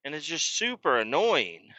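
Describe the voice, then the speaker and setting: A man's voice: fairly high pitch, huge pitch swings, normal speed, sharp tone, dry recording, poor audio. A man, a truck driver, hosting a podcast and telling a rambling story in casual, profane talk, raising his voice when he quotes people.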